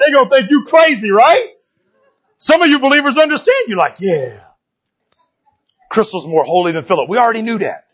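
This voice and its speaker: A man's voice: very high-pitched, fairly bright tone, lo-fi sound, a little hiss or hum. A man preaching a casual sermon in a church, talking in a folksy, joking way and often asking "right?". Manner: conversational, keeps asking "right?".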